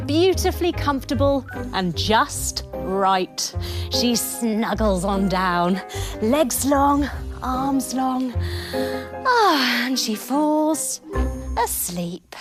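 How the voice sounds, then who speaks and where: Woman, 30s, kids' yoga storyteller; high, very lively, slow and soothing. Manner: animated, soothing, sing-song. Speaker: kids yoga instructor. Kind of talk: storytelling yoga lesson for children.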